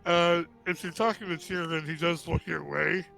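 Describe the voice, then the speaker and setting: A man's voice: a little high, fairly even intonation, normal speed, vocal fry, sharp tone, faint music behind. A man playing a tabletop role-playing game, describing what his wolf character does. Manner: narrates his animal character's actions with a laugh. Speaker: player.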